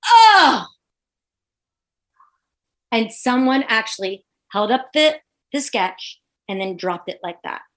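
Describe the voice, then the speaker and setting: Animated woman telling a comedy anecdote. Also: on the high side, a little slow. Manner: animated, acts out quoted voices. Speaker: guest comedian. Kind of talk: storytelling podcast interview.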